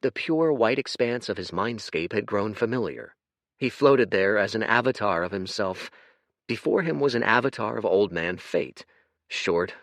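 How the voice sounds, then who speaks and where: Animated male audiobook narrator. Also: on the low side, no echo, clean studio sound. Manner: expressive, shifts voice for characters. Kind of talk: scripted narration.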